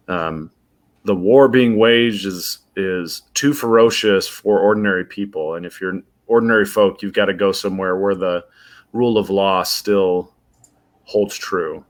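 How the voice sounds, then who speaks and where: A man co-hosting a movie podcast in casual chat, with dry deadpan jokes and halting, thoughtful explanations. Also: sits low. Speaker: podcast co-host.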